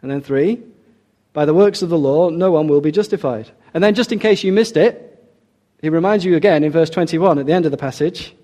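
Middle-aged man, preacher, sermon, emphatic, repeats key points, slightly high voice, mellow tone. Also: fairly quick.

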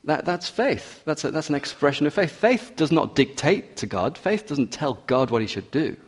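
A man's voice: a little high, expressive, normal speed, breathy edge, big-room sound. A man preaching an expository sermon, walking through a passage verse by verse with teasing asides and emphatic urging.

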